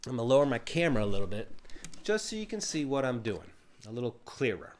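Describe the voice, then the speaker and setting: A man teaching a live ukulele lesson in a calm, encouraging, gently meditative way. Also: medium pitch, quick pace. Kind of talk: live-streamed music lesson.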